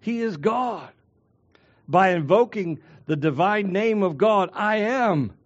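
A man preaching a sermon as a pastor, swinging between loud declarations and hushed, drawn-out phrases. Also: high-pitched, lively intonation, muffled recording.

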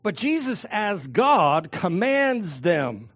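A man preaching a sermon as pastor, slowing down to stress key words. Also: sits high, big pitch swings, a bit bright, lo-fi sound.

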